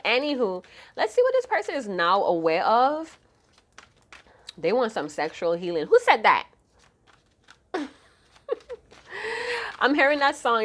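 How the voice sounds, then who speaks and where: A woman giving a casual tarot reading to her viewers, chatty and profane with lots of slang, her voice a little hoarse. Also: mid-range voice, a bit bright. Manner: chatty, slangy and profane, hums song snippets. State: slightly hoarse, losing her voice. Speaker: tarot card reader.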